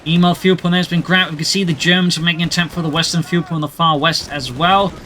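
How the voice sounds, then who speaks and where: A man with a high, bright, sharp-edged voice calls a strategy game match play by play. He keeps up a brisk running narration and drops dry jokes along the way. A faint hiss of noise sits under his voice. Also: level tone. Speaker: match commentator. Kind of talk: play-by-play video game commentary.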